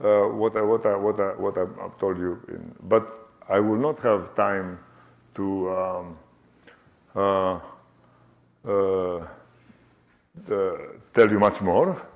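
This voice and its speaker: An older man giving an academic lecture, halting with many fillers and restarts and often checking "okay?". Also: low-pitched, fairly even intonation, gravelly, narrow, tinny audio. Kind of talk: academic talk. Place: lecture hall.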